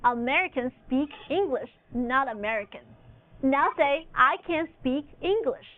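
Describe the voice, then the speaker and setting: A woman whose first language is Chinese, teaching a recorded language lesson with slow, deliberate, carefully enunciated instruction. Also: sits high, lively intonation, no echo. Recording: phone-like narrow audio, dry.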